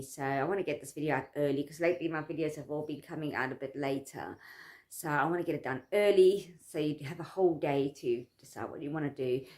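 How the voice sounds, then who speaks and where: Low-voiced woman, earnest vlog talk. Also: a little mellow. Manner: earnest and rambling, repeats herself, gets emotional. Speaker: vlogger. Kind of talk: casual talk to camera.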